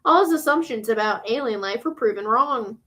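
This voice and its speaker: A woman's voice: a little high, expressive, fairly quick, a bit bright. A woman reading as a scornful female scientist. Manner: scornful, argumentative. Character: stern dismissive female scientist.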